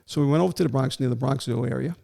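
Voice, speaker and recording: A man's voice: medium pitch, racing. An older man, a retired police warrant officer telling a story in a casual interview and acting out the voices of the people in it. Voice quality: gravelly. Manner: animated, acts out quoted voices.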